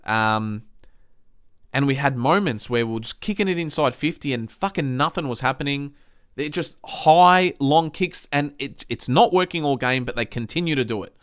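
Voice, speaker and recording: A man's voice: mid-range voice, animated, normal speed, a bit bright, smooth. A man with an Australian accent hosting a football review podcast, ranting heatedly and swearing often. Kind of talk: casual ranting match review.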